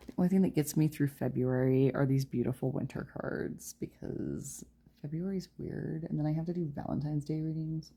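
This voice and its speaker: Chatty woman with a low, gravelly voice. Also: fairly even intonation, moderate pace, dark tone. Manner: chatty, laughs often, talks straight to viewers. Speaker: tarot reader. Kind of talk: casual pick-a-card tarot reading.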